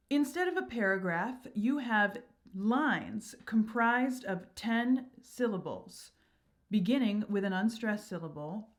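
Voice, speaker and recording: A woman hosting her own channel, explaining verse and meter in an upbeat, enthusiastic, teacherly way. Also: medium pitch. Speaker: channel host.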